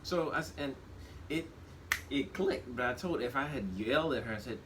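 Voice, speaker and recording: A man in his thirties talking casually on a podcast. He speaks reflectively, restarts his sentences often and gets animated when he quotes himself. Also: medium pitch, moderate pace. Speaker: podcast co-host. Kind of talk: casual conversation. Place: shop. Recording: steady background noise.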